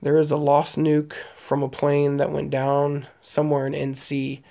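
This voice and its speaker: A man's voice: fairly high pitch, monotone, a little slow, vocal fry, dark tone. A man in his late twenties telling crude, rambling stories while chatting casually with stream viewers. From Omaha, Nebraska, United States. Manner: rambling, profane storytelling with frequent fillers and laughs. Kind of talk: casual live-stream chat.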